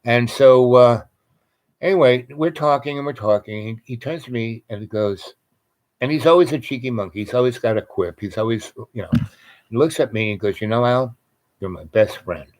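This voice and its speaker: A man with an ordinary mid-range voice spins a loose personal story as a guest. He wanders off track and doubles back on his words, and he swears freely in a relaxed, conversational way. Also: mid-range voice, normal speed. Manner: rambling, digressive, frequent restarts and profanity. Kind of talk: casual anecdotal storytelling.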